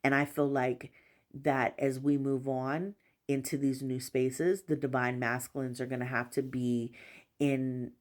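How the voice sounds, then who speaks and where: A woman tarot reader giving a spiritual collective reading, talking gently and reassuringly in repeated affirmations, with frequent "you know" fillers. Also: a bass voice, level tone, a little slow.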